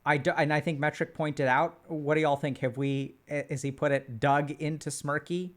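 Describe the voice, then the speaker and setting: A man's voice: a little high, fairly even intonation, moderate pace. A man facilitating an online group session, talking casually with many fillers and restarts.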